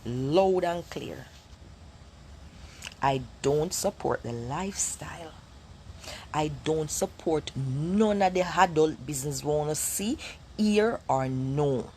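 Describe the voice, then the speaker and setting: A woman's voice: sits low, takes it slowly, a little mellow, slight background noise. A middle-aged Jamaican woman with a Jamaican accent, addressing viewers as a mother in an emphatic, declaring way.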